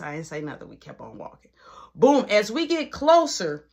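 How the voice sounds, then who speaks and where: A man telling a story in a casual vlog. He talks in slang and keeps it animated, with lots of "boom" and "like" as he rolls from one scene to the next. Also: normal speed, creaky.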